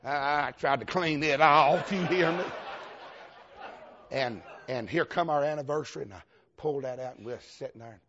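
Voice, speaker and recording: Folksy Southern preacher, lo-fi. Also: male voice, a little high, moderate pace, fairly bright tone, a faint crowd. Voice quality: folksy, emphatic, laughs often, calls for amens. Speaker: Baptist preacher. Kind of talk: storytelling sermon. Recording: dull lo-fi sound.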